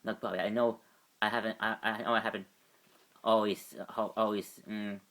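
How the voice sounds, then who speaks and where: A man voicing a wry, remorseful male agent, halting and full of restarts. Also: lowish voice, flat delivery, fairly bright tone. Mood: earnest. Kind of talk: amateur fan voice acting.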